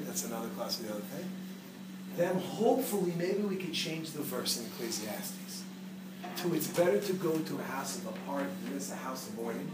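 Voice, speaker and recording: A man giving a humorous teaching talk to a live audience, quizzing them with quick questions. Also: a little high. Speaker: speaker teaching a class. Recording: echoey room, distant mic, noisy.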